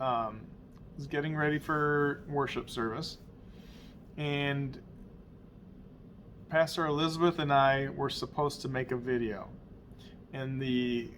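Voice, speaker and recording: Slow-speaking pastor telling stories. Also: male voice, mid-range voice, a bit bright, slight background noise. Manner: unhurried conversational storytelling. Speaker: pastor and show host. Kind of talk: video message with storytelling.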